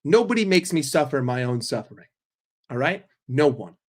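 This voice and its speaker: A man's voice: medium pitch, big pitch swings, moderate pace. A man from New York ranting casually and profanely on a live stream, rambling between jokes and opinions. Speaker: football fan streamer.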